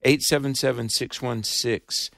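A man's voice: medium pitch, fairly even intonation, unhurried, creaky, a bit bright, no echo, studio quality. A man with a Southern accent, hosting a radio ministry fundraiser in an earnest, emphatic, preacherly way.

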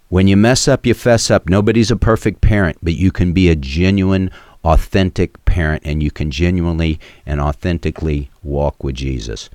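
A middle-aged man hosting a radio call-in show, teaching from the Bible in an earnest way and going quiet and soft when telling personal stories. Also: extremely low pitch, normal speed, no room sound. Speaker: radio show host and preacher.

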